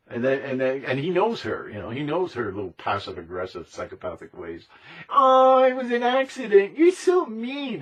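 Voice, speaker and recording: In a passionate monologue on conspiracy topics, a man speaks emphatically and repeats himself, occasionally lapsing into mocking impressions of others. His voice is husky and breathy, pitched in an ordinary middle range.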